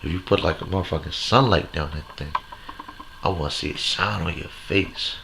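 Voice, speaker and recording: A man's voice: low voice, moderate pace, vocal fry, sharp tone, a little hiss or hum. A man hosting a comedy segment, ranting brashly and profanely to the camera, filling his talk with catchphrases. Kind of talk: crude stand-up style rant to camera.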